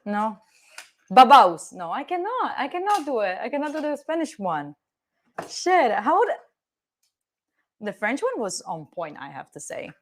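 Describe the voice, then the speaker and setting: Her pitch is fairly high with big swings, at a moderate pace. She's a young livestreamer from Italy, speaking with an Italian accent as she cooks at home in a kitchen with the door open, chatting playfully with viewers and occasionally swearing.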